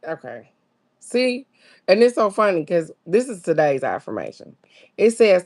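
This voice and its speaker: A woman's voice: big pitch swings, measured pace, darkish tone. A woman, hosting a casual spiritual chat, reading affirmations and greeting viewers, laid-back and musing. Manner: chatty, greets viewers by name, reads affirmations aloud; laid-back, musing, with sudden high exclamations. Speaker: host of a daily card-reading stream.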